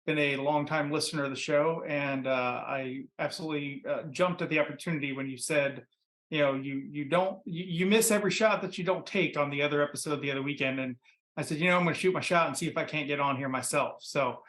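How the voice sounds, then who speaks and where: A man from Ohio, a podcast guest and pitmaster, telling his story in a relaxed, rambling way full of fillers. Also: a little high, fast, reverberant. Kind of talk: casual interview storytelling. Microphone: computer mic.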